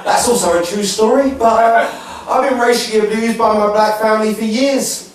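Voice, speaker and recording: A man's voice: high-pitched, slight background noise. Young man doing stand-up. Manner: quick, playful storytelling with voices for others. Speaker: stand-up comedian. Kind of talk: stand-up set. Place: comedy club stage. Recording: echoey club heard from a distance.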